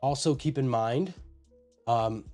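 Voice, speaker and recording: A man's voice: medium pitch, slow pace, a little mellow, soft background music. A man casually chatting on a live stream from a room at home, rambling as he greets viewers by name. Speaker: live streamer showing his pet enclosures.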